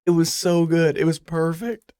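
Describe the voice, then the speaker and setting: A man's voice: fairly high pitch, moderate pace, smooth, dry recording, studio quality. A man in his twenties telling a funny story on a casual podcast, laughing as he goes. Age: 20s. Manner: animated storyteller, laughs often. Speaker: podcast co-host. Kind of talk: casual chat.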